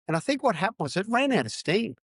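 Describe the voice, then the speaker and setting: A man's voice: high voice, sing-song, fast talker, slightly rough, no echo. A man in his fifties, a former rugby player telling his story as a podcast guest in a raw, frank way, repeating words for emphasis. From Australia. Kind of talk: candid personal storytelling.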